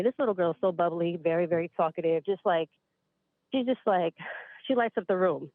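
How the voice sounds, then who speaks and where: A woman's voice: on the low side, expressive, brisk, no room sound. A woman in her late twenties from upstate New York, a caller telling a spooky story in a chatty way, a bit out of breath. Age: late 20s. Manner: chatty, addresses listeners as you guys. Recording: dry tinny phone line.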